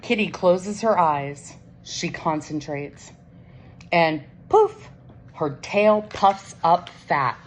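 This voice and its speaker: A woman reading a children's picture book in a slow, gentle storytime manner. Her voice sits on the lower side, with faint background noise. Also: poor audio. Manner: gentle and unhurried. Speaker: storybook reader. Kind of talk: picture-book read-aloud.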